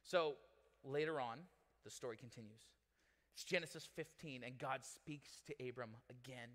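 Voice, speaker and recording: A man preaches at a moderate pace in a mid-range voice, keeping his sermon casual and conversational. This pastor is animated and trades jokes with the audience. The recording carries the long reverb of a large hall.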